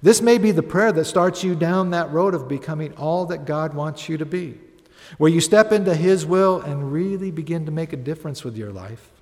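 A man's voice: fairly high pitch, expressive, moderate pace, a little mellow. Guy preaching a sermon, storytelling then getting earnest, big echoey hall. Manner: storytelling, rising to earnest emphatic appeals. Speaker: pastor. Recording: long hall reverb.

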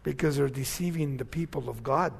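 A man's voice: mid-range voice, fairly quick, vocal fry, slightly rough. An older man with an accent preaching a conversational sermon as pastor, building to emphatic questions. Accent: Spanish-accented English.

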